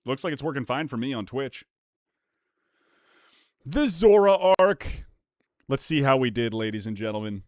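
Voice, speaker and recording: A young man live-streaming, chatting casually with his viewers while opening trading card packs. He is excitable and animated, swears casually and reads the chat aloud. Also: mid-range voice, fast, few pauses, dry recording, studio quality.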